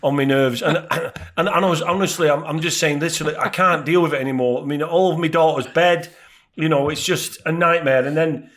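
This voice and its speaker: A man's voice: fairly high pitch, steady tone, a little fast, fairly bright tone. A middle-aged man co-hosting a podcast in casual chat, telling stories with lots of animation and acting out the voices of other people and animals. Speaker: podcast co-host.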